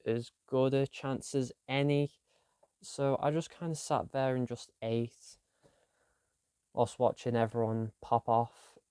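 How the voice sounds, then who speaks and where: A man's voice: mid-range voice, mellow, clean tone, no echo, clean studio sound. A young man, chatting casually about his week in a rambling, self-deprecating diary vlog. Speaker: vlogger.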